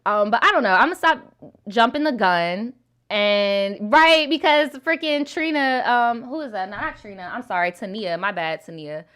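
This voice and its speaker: Her fairly high, slightly bright voice is clean and animated, moving at a moderate pace. As a livestream host reading viewer stories and comments, she chats bluntly with her audience, cursing freely and laughing a lot while addressing the chat directly.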